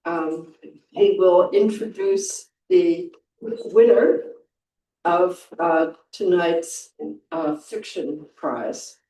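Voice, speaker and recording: Slow, measured woman hosting an awards event. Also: on the low side, dark tone. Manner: measured, with hesitations. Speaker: event host. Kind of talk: formal introduction at an awards event. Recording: roomy hall sound from far off.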